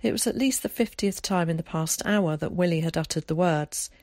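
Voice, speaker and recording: Woman narrator, low voice, calm and measured, dry close recording. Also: no echo. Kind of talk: audiobook narration.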